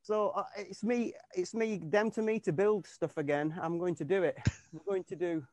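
A man's voice: high-pitched, normal speed, a little mellow, dry recording. A man, a tribute band keyboardist, chatting in an interview over a video call. He rambles and restarts often, with plenty of fillers. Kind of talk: casual interview chat.

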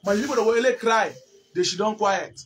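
A man from Cameroon speaking with a Cameroonian Pidgin accent on a live stream, giving emphatic, repetitive commentary that rises toward near shouts. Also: high voice, fast talker, a little hiss or hum. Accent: Cameroonian Pidgin English.

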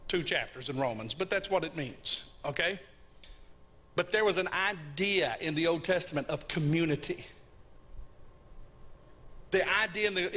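A male pastor with a high-pitched voice delivers a sermon. He is animated and conversational and keeps asking his listeners questions.

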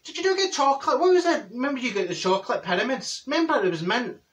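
A man's voice: very high-pitched, sing-song, fast, fairly bright tone, distant mic, heavily acted. A man playing a chatty middle-aged Glaswegian woman with a Glaswegian Scottish accent, rambling through gossip full of asides and restarts in a comic monologue. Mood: gossipy chatter. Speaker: comedy character vlogger.

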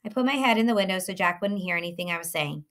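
A woman giving an earnest, expressive first-person audiobook narration. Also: lowish voice, very fast.

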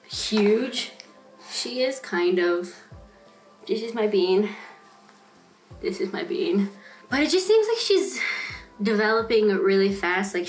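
A young woman vlogging casually at home in her apartment, chatty and bubbly, laughing often as she talks to the camera. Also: medium pitch. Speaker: vlogger and new mom.

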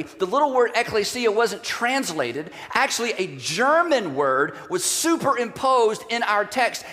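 A man's voice: high voice, pushed and bright, long reverb tail. A male pastor preaching a conversational sermon, telling stories and acting out quoted voices. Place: church sanctuary.

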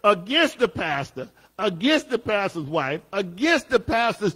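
A man, a pastor teaching a Bible study lesson, emphatic, repeating his phrases and rising at times to a shout. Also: high voice, big pitch swings, unhurried, hardly any pauses, husky. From Southern United States.

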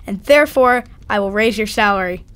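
A woman's voice: medium pitch, fairly quick, smooth, close to an everyday voice. Scrooge, a reformed old miser, read by a woman. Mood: hearty. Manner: eager, warmly exclaiming. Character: old male miser, newly joyful and generous. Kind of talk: dramatic reading at a church event.

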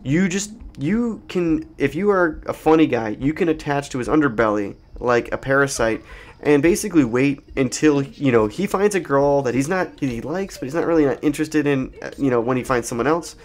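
A man's voice: mid-range voice, normal speed, slight background noise. An adult man hosting a let's play, telling a meandering, profane, jokey story while he plays. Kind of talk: rambling gaming commentary.

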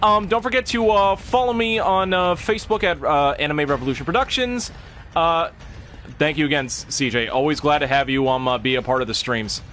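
A man streaming a horror game, reacting with loud laughing and swearing outbursts. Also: a little high, fairly quick, slight background noise. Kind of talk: excited gameplay commentary.

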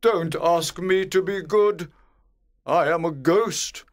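Man voicing a centuries-old ghost, proud, rude, self-pitying, unhurried, storybook drama. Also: a little high. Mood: haughty. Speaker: ghost in a graded reader audio. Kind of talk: scripted audiobook drama.

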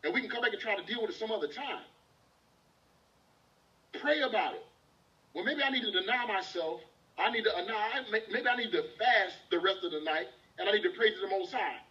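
A man's voice: high-pitched, fairly quick, pushed and bright. A man preaching a sermon, quoting scripture and asking the congregation call-and-response questions. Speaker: minister. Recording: distant dull lo-fi service recording.

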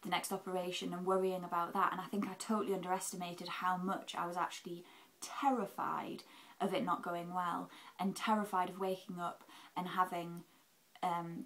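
A woman's voice: lowish voice, fairly bright tone, poor audio. A young woman from England giving a chatty, candid vlog update about her recovery, full of "um"s and acted-out quotes. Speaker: vlogger. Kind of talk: casual health update vlog.

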